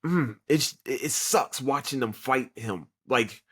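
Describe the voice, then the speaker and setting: Profane, excitable husky podcast host. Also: male voice, medium pitch, slow. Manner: profane, excitable retelling with fillers. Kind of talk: casual anime review chat.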